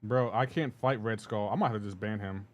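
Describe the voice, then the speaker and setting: A man's voice: on the low side, fairly quick. A man talking casually with his live chat while gaming, rambling and laid-back, often laughing. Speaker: livestreaming gamer.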